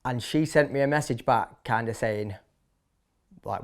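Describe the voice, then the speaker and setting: Man, Manchester accent, thirties, barber guest, blunt, chatty, fillers and restarts, medium pitch. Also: fairly even intonation, a little slow, long pauses. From Manchester, England. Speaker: barber and shop owner, interview guest. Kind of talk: casual interview storytelling.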